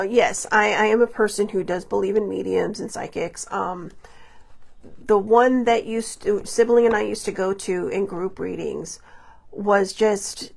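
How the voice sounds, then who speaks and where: A woman's voice: medium pitch, creaky, a little mellow. A woman hosting her own podcast, talking through personal stories in a rambling, confiding way, full of fillers and restarts, and acting out quoted dialogue. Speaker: podcast host. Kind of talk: personal reflective monologue.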